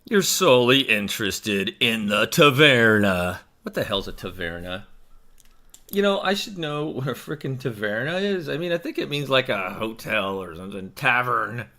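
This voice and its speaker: A man's voice: mid-range voice, sing-song, normal speed, creaky, sharp tone. A man who is a stage actor, chatting in a casual vlog in a rambling, self-mocking way into a desk microphone.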